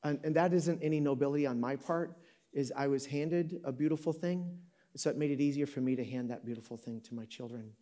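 A man's voice: medium pitch, a little fast, mellow. A man in his fifties from Michigan, preaching in a conversational way to a live audience in an auditorium, joking and correcting himself as he tells a story. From Michigan, USA. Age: 50s. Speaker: pastor.

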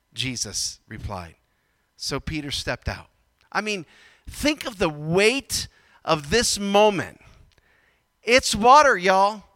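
A man preaching a sermon, swinging from loud emphatic bursts to quiet low asides. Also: dry recording, big-room sound. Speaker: pastor.

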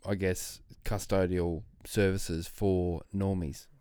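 A man's voice: deep voice, little pitch movement, takes it slowly, mellow, clean tone, no room sound, studio quality. A man co-hosting a podcast, laid-back, with short agreeing replies and banter. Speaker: podcast co-host. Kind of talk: casual chat.

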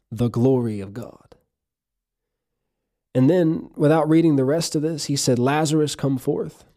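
A man's voice: a little high, dark tone. A man preaching a sermon, earnest and emphatic, reading scripture aloud and explaining it.

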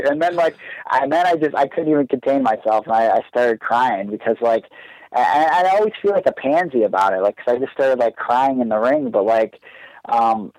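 A man's voice: medium pitch, moderate pace, a little mellow, dry recording. A young man, a wrestler guest on a podcast, telling a long personal story in a casual, earnest, rambling way, with many "like"s. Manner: earnest, rambling, heavy use of "like". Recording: dull, dry lo-fi sound.

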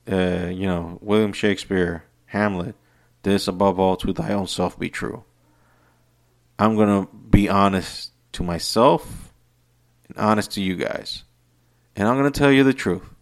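A man hosting a podcast, delivering an unscripted, profane rant that swings between heated outbursts and low muttering. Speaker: podcast host. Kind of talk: unscripted ranting monologue.

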